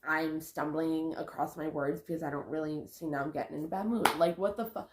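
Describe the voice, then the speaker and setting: A woman's voice: deep voice, fairly even intonation, brisk, echoey room, noisy background. A woman talking casually to her vlog camera about spiritual growth, rambling and correcting herself as she goes. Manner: rambling, self-correcting, sighs and laughs. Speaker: vlogger.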